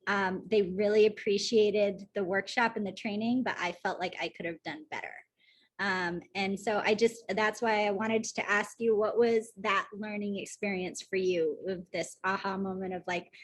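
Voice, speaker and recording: A woman's voice: medium pitch, steady tone, normal speed. Earnest woman host asking a question. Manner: conversational, earnest. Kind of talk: interview question.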